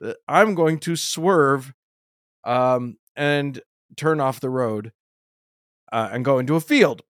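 A man's voice: medium pitch, slow pace, dry recording, studio quality, natural voice. A man voicing a wary male talking donkey in a casual, amused paraphrase.

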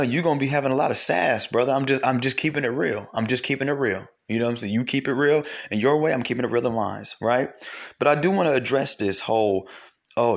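A man's voice: mid-range voice, vocal fry. A young man talking in a heated, casual monologue, swearing and repeating himself, his voice climbing when he gets worked up.

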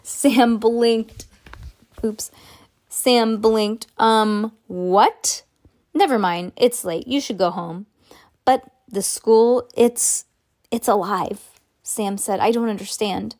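A woman reading a children's chapter book aloud, stumbling and correcting herself as she goes, and punching out the sound words. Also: on the high side. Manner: halting, self-correcting read-aloud with lively sound words. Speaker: reader.

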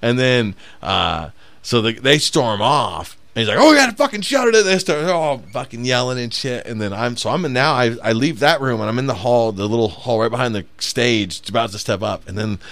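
A man who is a stand-up comic, telling profane, animated stories in a casual podcast chat. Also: mid-range voice, normal speed, no echo. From South Bend, Indiana.

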